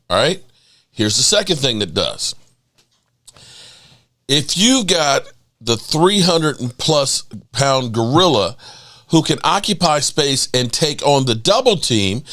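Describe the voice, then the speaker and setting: A man hosting a casual live sports stream, excitable and often restarting his words. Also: on the high side. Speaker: sports channel host.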